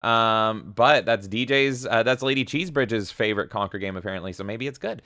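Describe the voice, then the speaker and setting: A man's voice: fairly low pitch, fairly quick, pushed and bright, no room sound, studio quality. A man hosting a livestream, energetically reading viewer comments aloud and reacting with casual profanity. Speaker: livestream host.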